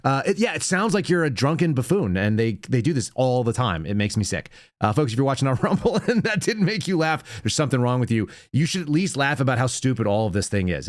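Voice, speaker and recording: A man's voice: fairly low pitch, no room sound, clean studio sound. A man hosting a political commentary show, sarcastic and mocking as he reacts to news clips. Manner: sarcastic, mocking, puts on silly voices. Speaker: podcast host.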